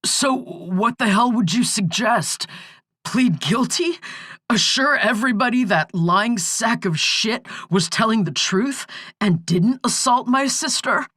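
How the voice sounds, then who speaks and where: A woman's voice: medium pitch, lively intonation, measured pace, a bit bright, dry recording, voice pushed up. A woman narrator voicing a desperate young man in jail, quavering and close to tears, in an audiobook. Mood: angry. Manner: quavering, panicked, pleading. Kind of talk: audiobook character voice.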